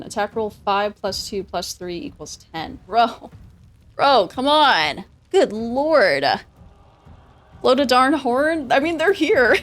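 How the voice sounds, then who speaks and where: A woman streaming a game, talking casually, excitable, swearing freely and laughing often. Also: on the high side. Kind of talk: casual gameplay commentary.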